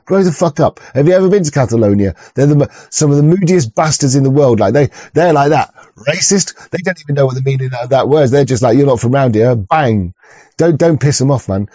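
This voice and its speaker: A man's voice: mid-range voice, animated, fairly quick, warm tone, no room sound, highs cut off. A man who rants through a video reaction, swearing and stumbling over his words. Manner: profane, stammering, rambling rant. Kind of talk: ranting reaction commentary.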